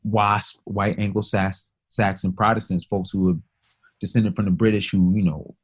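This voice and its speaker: A man with a lowish voice holds forth in a casual podcast chat. He is emphatic and swears freely as he works stories and jokes into a passionate argument. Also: steady tone, moderate pace, breathy edge. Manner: emphatic, profane, storytelling.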